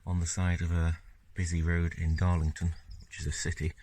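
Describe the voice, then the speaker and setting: A man talking casually through his car-repair video diary on a handheld phone camera, relaxed and rambling with lots of fillers. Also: sits low, moderate pace, a little hiss or hum. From Scotland.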